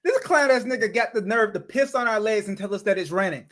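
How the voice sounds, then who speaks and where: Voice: mid-range voice, quick pace, few pauses, a bit bright. A commentator reacting to a video, blunt, profane and scornful.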